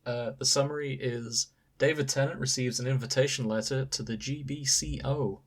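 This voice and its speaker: A man co-hosting a chatty podcast. He sits at a middling pitch and talks through a story with dry, wry asides. The delivery is relaxed and conversational. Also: moderate pace. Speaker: podcast co-host. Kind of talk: casual chat.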